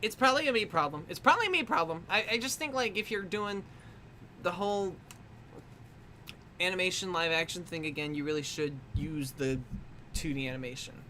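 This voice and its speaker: Streamer artist, casual drawing-stream chatter, rambles and swears, bright forceful tone. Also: medium pitch, a little fast, slight background noise. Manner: rambling, swears freely, laughs often, restarts lots. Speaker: artist livestreaming while drawing.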